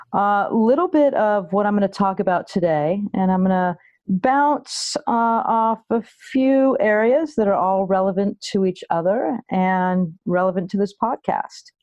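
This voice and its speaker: A middle-aged woman hosting a podcast episode as a health coach, speaking in an unhurried, deliberate way. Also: mid-range voice, a little mellow, no room sound. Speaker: guest host, health psychology coach. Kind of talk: podcast monologue.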